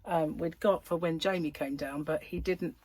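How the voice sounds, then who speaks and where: A woman's voice: deep voice, steady tone, normal speed, a little mellow, slightly rough. A woman chatting casually in her vlog and laughing at her own jokes. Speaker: vlogger. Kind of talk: casual chat. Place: in a van.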